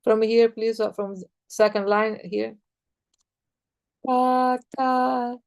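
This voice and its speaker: A woman's voice: medium pitch, little pitch movement, vocal fry, a little mellow. A woman teaching a rhythm lesson who chants counts and syllables patiently, and who is losing her voice. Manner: slow, patient, repetitive counting aloud. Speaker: music teacher.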